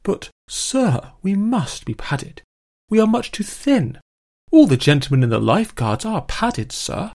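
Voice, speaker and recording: A man voicing a fawning male tailor who speaks in a slow, solemn, coaxing way in a read-aloud period scene. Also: high-pitched, sing-song, gravelly, a little mellow, exaggerated voice. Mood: pleading.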